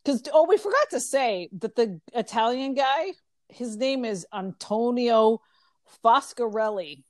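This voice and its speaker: A woman's voice: on the high side, lively intonation, unhurried, no echo, studio quality. A woman co-hosting a podcast, talking in a rambling, casual way with plenty of fillers. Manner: rambling, filler-heavy, chatty. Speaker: podcast co-host. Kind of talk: casual chat.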